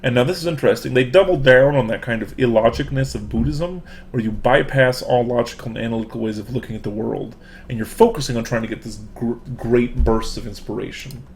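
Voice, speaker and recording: A man's voice: mid-range voice, fairly quick, a little hiss or hum. A man, a professor, giving a casual online lecture through a computer microphone, full of fillers and restarts.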